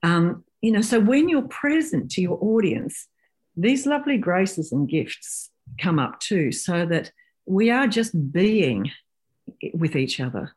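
A woman in her sixties, a professional speaker telling stories in a podcast interview and acting out quotes with lively shifts of voice. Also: lowish voice, slow pace, breathy edge.

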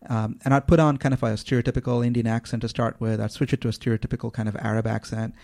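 Gravelly, dark-voiced man explaining thoughtfully. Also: medium pitch, little pitch movement, no room sound. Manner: thoughtful, explanatory, measured with frequent pauses. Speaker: interview guest, former public speaking teacher. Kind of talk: reflective radio interview talk.

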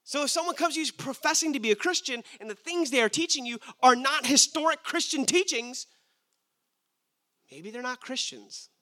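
A man's voice: very high voice, animated, normal speed, sharp tone. A young man preaching a sermon, emphatic and asking his listeners rhetorical questions.

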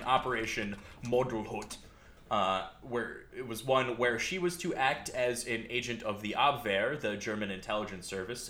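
A man's voice: on the low side, bright, forceful tone, echoey room. A man hosting a podcast, telling a history story in a casual, sardonic way with frequent fillers.

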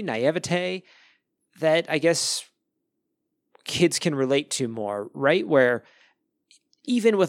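A man's voice: mid-range voice, no room sound, studio quality. Chatty man in a book podcast. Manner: rambling, lots of "like" and restarts, laughs now and then. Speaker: podcast co-host discussing a book. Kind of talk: casual chat.

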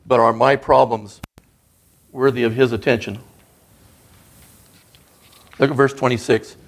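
A man's voice: mid-range voice, steady tone, unhurried, creaky. A man preaching a sermon as a guest speaker, in an earnest, conversational way that builds in emphasis.

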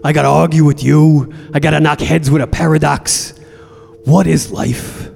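A man's voice: fairly high pitch, little pitch movement, a little fast, gravelly, darkish tone, a little hiss or hum. A man playing a profane, melodramatic mobster-type in a coma who broods and snarls in an improvised comedy bit. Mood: snarling. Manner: brooding, foul-mouthed, melodramatic.

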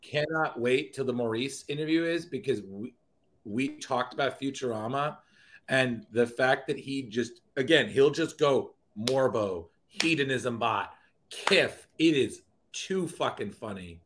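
A man's voice: mid-range voice, unhurried, fairly bright tone. A man co-hosting a podcast in casual chat, rambling and emotional, often restarting his sentences. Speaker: podcast co-host.

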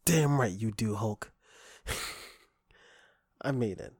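A man hosting a comedic podcast, hoarse with his voice nearly gone, joking and self-mocking. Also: fairly low pitch, animated, drawn-out words, dry recording, clean studio sound. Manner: jokey, playful, self-mocking. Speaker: podcast host.

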